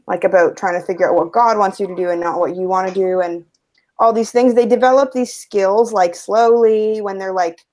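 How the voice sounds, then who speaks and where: Woman, twenties, casual talk, hesitant, soft fillers, mid pitch. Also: steady tone, brisk. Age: 20s. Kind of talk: casual panel discussion.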